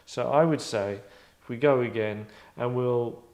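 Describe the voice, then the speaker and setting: A man's voice: mid-range voice, unhurried, a little mellow. A man hosting a casual discussion, chatty and wry, slipping into voices as he talks. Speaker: host. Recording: roomy echo.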